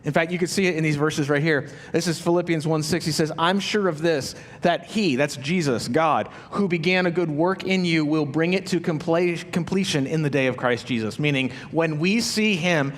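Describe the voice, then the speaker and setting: Conversational pastor preaching in a reverberant hall. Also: male voice, a little high, moderate pace, hardly any pauses. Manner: conversational, rhetorical questions, acts out listeners' inner voices. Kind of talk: sermon. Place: church auditorium.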